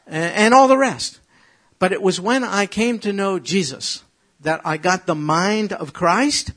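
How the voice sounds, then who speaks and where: A middle-aged man from New York with a New York accent, preaching and teaching from the Bible with animated, joking asides to his congregation. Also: sits high. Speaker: pastor.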